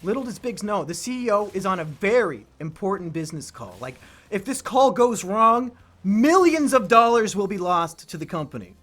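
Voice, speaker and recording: High, lively man telling a story. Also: moderate pace. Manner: animated storyteller, bursts into shouted impressions and laughter. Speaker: let's play co-host. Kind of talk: casual chat while playing a game.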